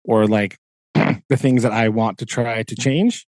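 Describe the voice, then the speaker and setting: A man's voice: medium pitch, unhurried, darkish tone, no echo. A man co-hosting a podcast, venting in a rambling casual chat full of fillers and laughs. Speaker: podcast co-host.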